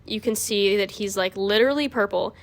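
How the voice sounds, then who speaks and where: In casual podcast chat, a young adult woman hosting the show rambles through an explanation, saying "like" constantly. She speaks at a medium pitch and a fairly quick pace.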